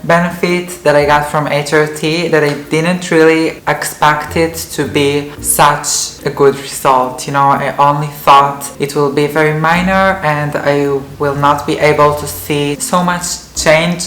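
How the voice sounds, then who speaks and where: A woman's voice: deep voice, flat delivery, measured pace, few pauses, fairly bright tone. A young adult woman talking casually and earnestly to camera, with many "like" fillers. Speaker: vlogger. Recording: roomy echoey room.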